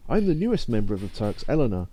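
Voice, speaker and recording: A man's voice: fairly low pitch, sing-song, fast talker, mellow, faint music behind, rough recording. A man voicing a talkative, eager young female rookie agent in a video game, earnest and a little flustered.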